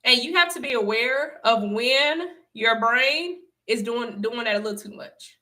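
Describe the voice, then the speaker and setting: A woman's voice: on the high side, animated, unhurried, pushed and bright. A young adult woman hosting a casual livestream, talking to her viewers with emphatic repetition and frequent laughs. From Southern United States. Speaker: livestream host and speaker.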